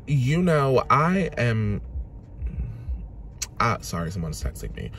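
A man from Jamaica chatting on a handheld camera in a food vlog, dramatic and sassy, jumping from loud exclamations to low muttered asides. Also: wildly swooping pitch, slow pace, a little hiss or hum. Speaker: food vlogger. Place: in a car, out and about, then at home. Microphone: handheld camera or phone.

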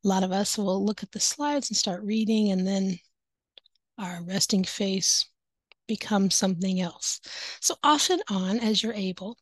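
A woman's voice: medium pitch, a little slow, no echo. A woman teaching online, giving casual tips to other teachers in an upbeat, chatty way, speaking into a headset. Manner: upbeat, chatty, laughs often. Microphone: headset with headphones.

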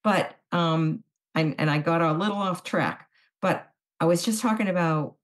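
A woman's voice: lowish voice, normal speed. Chatty middle-aged woman telling stories. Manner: chatty, animated storyteller acting out quoted dialogue. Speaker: guest. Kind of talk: casual podcast interview.

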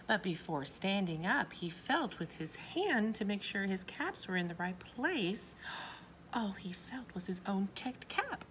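A woman reading a picture book aloud to children, expressive and asking her young listeners questions. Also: medium pitch, a little slow, slight background noise. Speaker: children's story reader.

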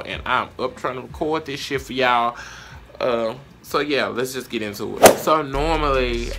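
Young Southern US guy vlogging, sassy and foul-mouthed, mid-pitched, music under him. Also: sharp tone. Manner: brash, profane, sassy and dramatic. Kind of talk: casual advice rant to camera.

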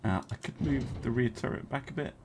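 A young man casually commenting as he streams a strategy game, thinking aloud, chatting with his viewers and filling pauses with many ums and uhs. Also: mid-range voice, noisy background.

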